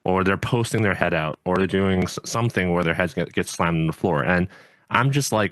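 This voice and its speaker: A man's voice: low voice, fairly quick, no room sound. A man hosting a podcast, talking in an earnest, rambling way with many fillers and restarts. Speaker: podcast host and judo coach. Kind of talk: casual podcast chat.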